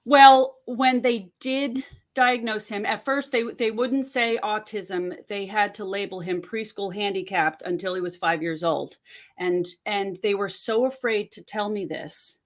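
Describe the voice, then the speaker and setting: A woman's voice: medium pitch, fairly even intonation, a little slow. A middle-aged woman, telling a personal story in an interview and often restarting her sentences with fillers. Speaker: guest, autism parent and podcaster. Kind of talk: conversational interview.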